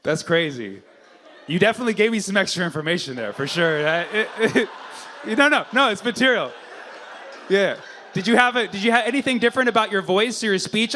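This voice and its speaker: A man's voice: sits high, lively intonation, brisk, noisy background. A man doing stand-up crowd work at a live comedy show, bantering brashly and profanely with the audience.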